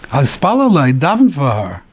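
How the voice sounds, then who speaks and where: A rabbi giving a Torah class on the weekly portion, explaining the text step by step, asking rhetorical questions and mixing in Hebrew terms. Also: male voice, a little high, wildly swooping pitch, normal speed, a little mellow, slightly rough.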